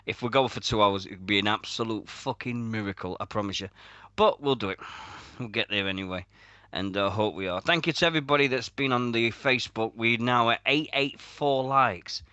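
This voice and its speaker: A man's voice: a little fast, clear, resonant tone, no room sound, highs cut off. Sweary British man hosting radio. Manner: loud, swearing, bursts into high-pitched outbursts. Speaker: radio show host. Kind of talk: casual sweary radio chat.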